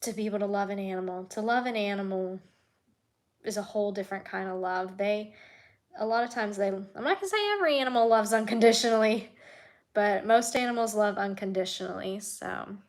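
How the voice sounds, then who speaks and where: A woman talks casually on a live stream, chatting with viewers and answering their comments. Her delivery is heartfelt and soft-spoken, and her voice often sinks to a near whisper. She sits in the middle range for pitch. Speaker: animal keeper and vlogger.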